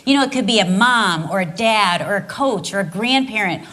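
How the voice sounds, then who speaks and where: A woman's voice: mid-range voice, normal speed. A middle-aged woman teaching on marriage beside her husband, telling a story and acting out the voices in it. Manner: expressive storyteller, acts out voices. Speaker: co-teacher, pastor's wife.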